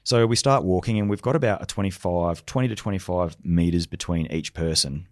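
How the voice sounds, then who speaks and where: Deep-voiced middle-aged Australian veteran, dry close mic, lively storyteller who acts out his quotes. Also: a little fast, no room sound. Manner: vivid anecdotes, acts out quoted dialogue. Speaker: leadership consultant, special forces veteran. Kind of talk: storytelling podcast conversation.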